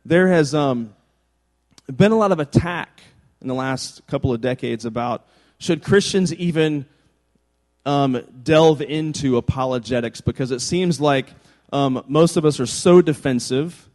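A man's voice: mid-range voice, darkish tone. A man preaching a sermon as pastor, in a conversational style with joking asides. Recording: long hall reverb.

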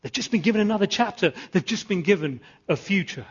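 A pastor preaching a sermon, animated, repeating phrases and asking the congregation questions. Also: male voice, high-pitched, fast talker, breathy edge, lo-fi sound. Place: church.

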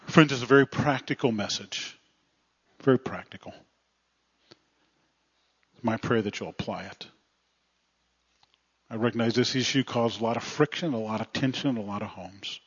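A male pastor preaching a sermon in a plainspoken, earnest way, often letting phrase ends drop quiet. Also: medium pitch, unhurried, long pauses, husky. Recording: slightly muffled lo-fi recording.

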